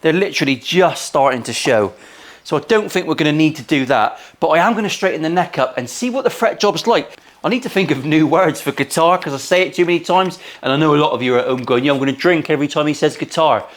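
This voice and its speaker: Talking fast in an expressive, slightly high voice, a man in his forties from England chats through his work in a guitar workshop as a luthier. He keeps dropping cheeky, crude, sweary asides.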